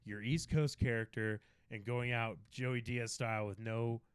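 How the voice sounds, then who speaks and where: A man's voice: medium pitch, unhurried. A man co-hosting a comedy podcast, telling stories animatedly and acting out quotes. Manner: animated, laughing, puts on quoted voices. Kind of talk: casual chat.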